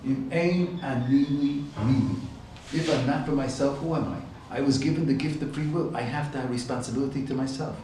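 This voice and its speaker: A man's voice: mid-range voice, brisk, dark tone, a little hiss or hum. Man lecturing in a very echoey room. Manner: explains each Hebrew term in English, repeats phrases; rises to emphatic peaks on key points. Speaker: yeshiva lecturer. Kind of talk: Torah lecture. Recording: very echoey room, distant mic.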